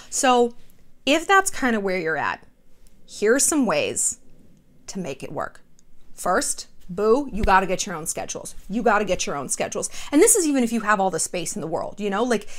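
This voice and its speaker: A woman hosting her own vlog, chatting straight to camera from a small apartment. She sounds animated and gossipy, blunt and sometimes crude. Her voice sits at an everyday middle pitch, and her talk is loose and peppered with "like.". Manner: animated, gossipy, blunt and profane, heavy use of "like". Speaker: vlogger host. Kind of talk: casual chatty commentary.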